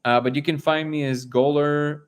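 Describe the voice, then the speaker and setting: A man's voice: on the high side, steady tone, normal speed, smooth. A man hosts a casual live stream and tells stories at length. He rambles, stops to restart his sentences, and puts on the lines of his story's figures as he goes. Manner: rambling storyteller, acts out dialogue. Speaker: livestream host.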